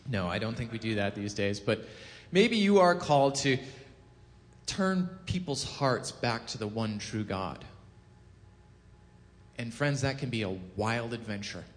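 A man giving a casual sermon, telling a scripture story with lively acted-out quotes and frequent self-corrections. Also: measured pace. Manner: animated storytelling, acts out quotes with rising pitch and volume; self-corrects, chuckles at own jokes. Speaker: preacher. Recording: long hall reverb.

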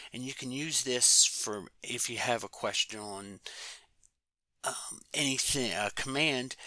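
A man's voice: mid-range voice, sharp tone, dry recording. A man co-hosting a casual podcast, talking in a loose, rambling way with fillers. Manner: rambling, many fillers and restarts. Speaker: podcast co-host.

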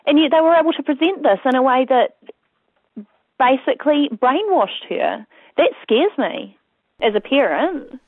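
A woman's voice: high-pitched, lively intonation, moderate pace, dry recording. A chatty New woman tells her story as a parent, leaning on "you know" as she goes. She comes through a tinny phone line. The sound is dry, with no room around her. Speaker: parent guest. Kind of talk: casual interview chat.

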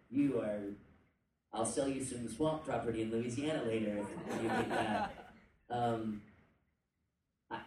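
A man talking casually to a convention panel audience, rambling with jokey asides and quick tangents. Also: medium pitch, a little mellow. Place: indoor convention panel room. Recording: echoey room, distant mic, faint noise.

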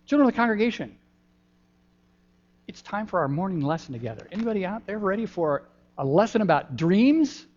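An older man, a pastor giving a gentle, folksy children's sermon in a church, pausing often with ums. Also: high voice, very animated. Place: church sanctuary. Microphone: handheld microphone. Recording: dull lo-fi church recording.

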